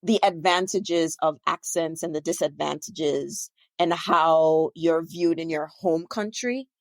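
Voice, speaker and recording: A middle-aged Jamaican woman hosts a podcast conversation, her voice sitting a little low. She winds through long questions, stopping to correct herself, and the sound is dry and close. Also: takes it slowly, dry recording. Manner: rambling, self-correcting questions. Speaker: podcast host. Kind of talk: casual interview conversation.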